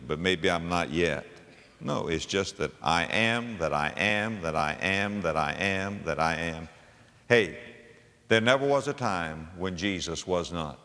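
A man preaching with a lively, sweeping delivery, dropping to near whispers and then rising to a shout. His voice is bright and forceful. A long reverb trails after his words, as in a large hall. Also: low voice. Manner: dramatic swings from hushed to shouting, repeats phrases. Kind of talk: sermon.

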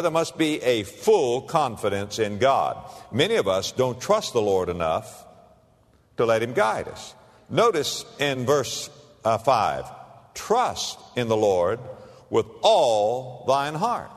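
A pastor delivering a sermon. He swings from hushed asides to emphatic lines and acts out the people in his stories. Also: medium pitch, big pitch swings, moderate pace. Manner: plays out little scenes in the voices of the people in his stories. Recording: long reverb of a large hall.

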